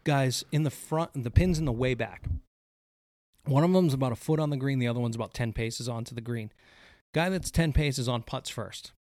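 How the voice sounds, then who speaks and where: A man's voice: mid-range voice, normal speed, a little mellow, dry recording, studio quality. A man who works at a golf course, telling a story in casual chat, swearing often and acting out the golfers' voices.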